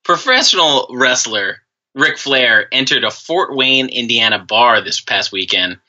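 A man's voice: medium pitch, expressive, a little slow, bright, forceful tone. A man co-hosting a podcast, ranting bluntly and swearing freely in casual chat. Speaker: podcast co-host. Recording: dull lo-fi recording.

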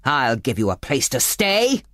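A woman voicing a short-tempered, hairy male beast in a storybook reading, shouting gruffly. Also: a bass voice, sing-song, unhurried, voice pushed down, heavily acted. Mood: roaring.

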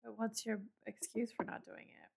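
A woman on a comedy podcast reading out news stories and tossing in sarcastic asides. Her voice has a heavy, gravelly fry throughout. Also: on the high side, fairly even intonation, normal speed, a little mellow. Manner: wry, sarcastic. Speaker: podcast co-host.

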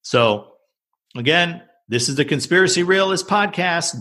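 A man's voice: fairly high pitch, animated, measured pace, sharp tone. A man hosting a podcast, talking casually with wry jokes and reading out sources. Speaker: podcast host.

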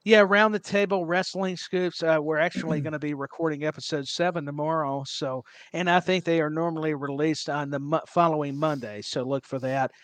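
A man's voice: fairly high pitch, fairly even intonation, a little fast, few pauses, dry recording. A man co-hosting a wrestling podcast in casual, self-mocking chat with lots of restarts. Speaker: podcast co-host.

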